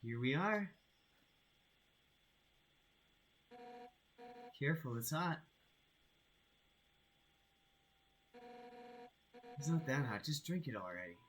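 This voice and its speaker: A man reading a game aloud while voicing a brash, hot-headed female fish warrior captain in a loud, blunt way. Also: medium pitch, sing-song, quick pace, slight background noise, rough recording. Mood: pushy. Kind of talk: reading game dialogue aloud on a live stream.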